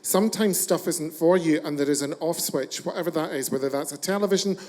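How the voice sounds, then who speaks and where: A man's voice: a little high, fairly quick, darkish tone. A man hosting a casual chat show, ranting brashly with lots of swearing and jokes. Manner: brash, sweary, joking rants.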